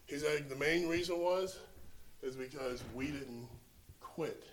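A man preaching a sermon, telling a story and swinging from hushed, slow lines to loud exclamations. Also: fairly high pitch, roomy sound, slight background noise, low-quality recording.

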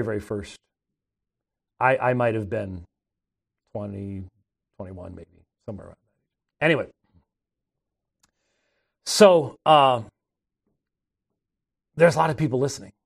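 A middle-aged man hosting a talk show, telling rambling, conversational stories and often restarting his sentences. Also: medium pitch. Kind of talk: casual anecdotal storytelling.

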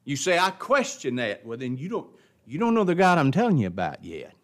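A man with a drawl teaches scripture to an adult class, his voice sitting a little higher than most men's. He talks in a folksy, emphatic way, doubling back on words and hammering key points like a preacher. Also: huge pitch swings, a little fast. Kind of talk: verse-by-verse Bible lesson.

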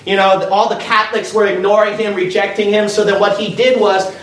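A man preaching a sermon and telling stories in an animated way. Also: sits high, a little fast. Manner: animated, storytelling with energy. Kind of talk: sermon storytelling. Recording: echoey room from far off with faint noise.

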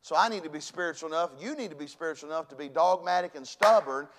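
A man preaching a sermon to his church, folksy and conversational, dropping to hushed lines and rising to loud bursts. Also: on the high side, fast. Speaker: pastor. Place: church sanctuary.

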